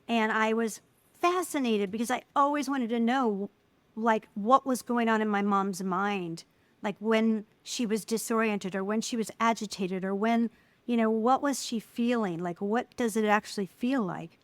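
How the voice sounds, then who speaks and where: Animated middle-aged woman telling stories. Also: fairly high pitch, moderate pace, no echo. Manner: animated storyteller, acts out quoted voices. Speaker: guest, filmmaker. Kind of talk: casual interview conversation.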